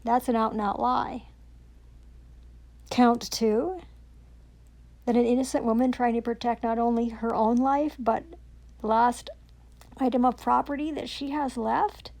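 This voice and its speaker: Woman, fairly high voice, raging profane rant full of sarcasm. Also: fairly even intonation, a little slow, long pauses, darkish tone. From Canada. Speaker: self-recording vlogger. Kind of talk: angry rant to camera.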